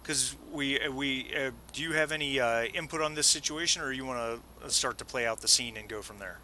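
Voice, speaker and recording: A man's voice: mid-range voice, fairly quick, bright, forceful tone, a little hiss or hum. A man running a tabletop game as game master, often restarting his phrases.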